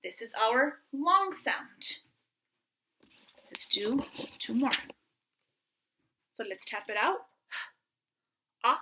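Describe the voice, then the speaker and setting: A woman teaching a remote phonics and reading lesson, speaking slowly and patiently and spelling out sounds for young children. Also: on the high side, sharp tone, poor audio.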